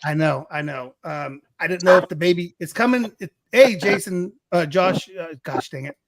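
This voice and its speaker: A middle-aged man hosts a casual livestream show over a video call. His voice sits a little high, and he rambles, apologizes and restarts his sentences often. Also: moderate pace, creaky, a crowd in the background. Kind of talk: casual chat.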